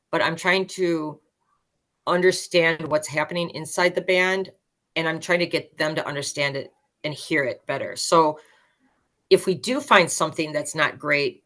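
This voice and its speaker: Woman in her fifties, band director, podcast guest, emphatic and energetic, lowish voice. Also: moderate pace. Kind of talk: podcast interview explaining teaching methods.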